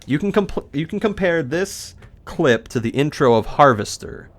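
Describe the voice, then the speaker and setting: A man chats casually over his gameplay, rambling from one joke to the next. His intonation rises and falls a lot, and he talks in quick bursts. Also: a little high, lively intonation. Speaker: gaming video host. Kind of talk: casual let's-play commentary.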